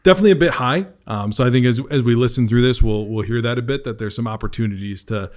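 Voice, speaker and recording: A man's voice: mid-range voice, quick pace. A man hosting a podcast, reviewing a recorded sales appointment in a conversational way and recapping points for the audience. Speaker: podcast host, sales coach.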